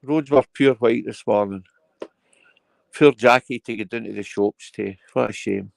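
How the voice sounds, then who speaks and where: A man's voice: lowish voice, unhurried, vocal fry, no echo. A Scottish man hosting a casual live chat stream, telling his callers off now and then. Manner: chatty, scolds callers. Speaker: livestream host.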